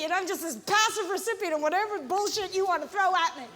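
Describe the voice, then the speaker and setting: Middle-aged woman comic, very high voice, ranting stand-up set on a festival stage, echoing hall. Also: fast talker. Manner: animated, ranting, mimics voices. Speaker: stand-up comedian. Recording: live hall with reverb and audience noise.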